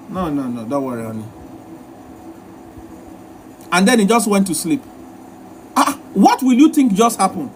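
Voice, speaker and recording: A man's voice: high voice, a little hiss or hum. A man hosting a live relationship advice session, talking in a repetitive, emphatic, lecturing way. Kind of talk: live-stream advice talk.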